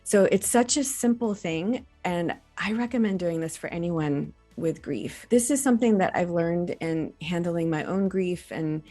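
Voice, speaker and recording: Earnest low-voiced woman doctor. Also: lively intonation, unhurried, few pauses, faint music behind. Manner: earnest, gently instructive. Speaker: reproductive endocrinologist. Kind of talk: educational talk to camera.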